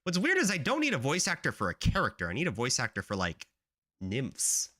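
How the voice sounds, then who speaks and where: A man's voice: medium pitch, huge pitch swings, brisk, bright, forceful tone. A man streaming as a game developer, chatting casually and rambling with lots of fillers. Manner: rambling, filler-heavy talk. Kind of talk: casual live-stream chat.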